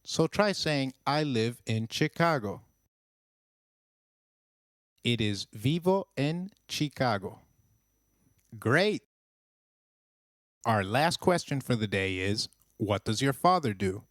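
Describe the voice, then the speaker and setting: A man narrating a scripted language lesson with slow, clear, encouraging drills. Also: medium pitch, animated, no room sound, studio quality. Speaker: language teacher.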